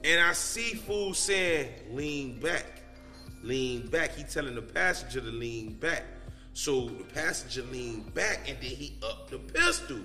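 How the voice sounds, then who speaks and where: A man's voice: mid-range voice, big pitch swings, unhurried, pushed and bright, big-room sound, soft background music. A man telling a story as a podcast guest in loose, profane street talk. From Miami, Florida. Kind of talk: casual storytelling.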